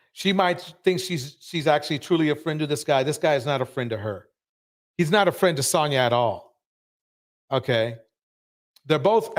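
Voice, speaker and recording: Emphatic ranting male live-show host. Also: on the high side. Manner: emphatic, ranting, repeats himself. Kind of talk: live commentary on a reality show.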